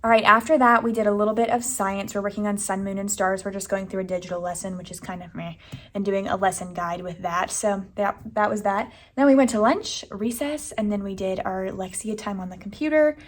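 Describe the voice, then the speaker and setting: A woman's voice: mid-range voice, brisk. Young woman, teacher vlog, chatty, rambling, casual. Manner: chatty, rambling, many "like"s and "anyways". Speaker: elementary school teacher. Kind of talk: casual day-in-the-life vlog talk.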